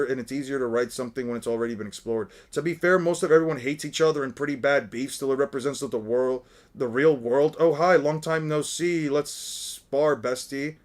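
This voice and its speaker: A man reading comic dialogue aloud in a flat monotone, then breaking into loud, sweary rants in a casual way. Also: mid-range voice. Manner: casual, fillers like "man" and "dude". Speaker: manga reader and reviewer. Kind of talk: reading manga aloud with reaction commentary.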